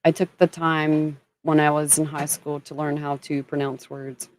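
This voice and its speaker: Low-voiced woman chatting on a livestream. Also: little pitch movement, moderate pace. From Kentucky. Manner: chatty, greets viewers by name while talking. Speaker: livestream host. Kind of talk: casual livestream chat.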